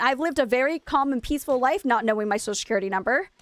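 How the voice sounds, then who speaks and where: A woman's voice: a little high, quick pace, few pauses, a bit bright, dry recording, soft background music. A young woman streamer chatting casually while gaming, telling a rambling, self-mocking story.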